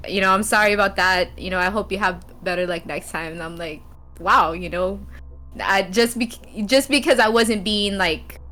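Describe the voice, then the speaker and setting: A woman's voice: medium pitch, normal speed, faint music behind. A woman guest on a podcast, telling a gaming story casually, laughing often and acting out what people said. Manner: animated storyteller, laughs often, acts out quotes. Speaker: podcast guest, game streamer.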